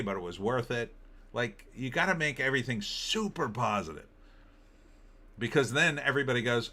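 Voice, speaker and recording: A man's voice: medium pitch, animated, moderate pace, pushed and bright. A middle-aged man hosting a show, casually commenting on headlines in a sarcastic, ranting way. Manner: sarcastic, ranting, mocking asides in put-on voices. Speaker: host of an opinion show.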